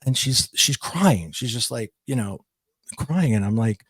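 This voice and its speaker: A middle-aged man with a gravelly, creaky voice recounts a personal story as a podcast guest. He speaks reflectively and haltingly, often restarting and repeating words. The sound is dry and close. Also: mid-range voice, expressive, a bit bright, no echo.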